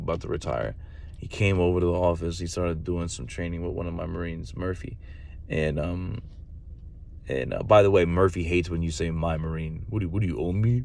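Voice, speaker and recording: A man's voice: low voice, a little mellow, slight background noise. A man in his thirties, a Marine recruiter, talking casually and bluntly with profanity and slang. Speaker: podcast host, Marine recruiter. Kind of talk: casual chat.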